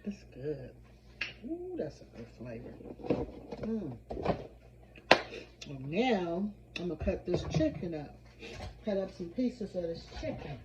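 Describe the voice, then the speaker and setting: A fairly low-voiced woman talks her viewers through a home cooking session in a casual, chatty way, humming and exclaiming as she goes. The sound is dull and lo-fi. Steady noise runs behind her in the kitchen. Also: slow pace, pauses often. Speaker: home cook vlogger. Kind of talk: casual cooking vlog chat.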